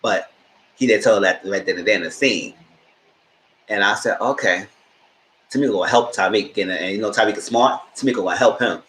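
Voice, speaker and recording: A man's voice: on the low side, brisk, long pauses, slight background noise. Chatty man recapping a show, echoey room. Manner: lively casual retelling, acting out characters' lines. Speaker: TV show reviewer. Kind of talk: live stream recap.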